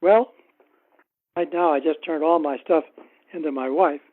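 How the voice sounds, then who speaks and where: A man as an author guest in a casual interview, telling anecdotes in an unhurried, wry way. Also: on the high side. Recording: tinny phone-like line.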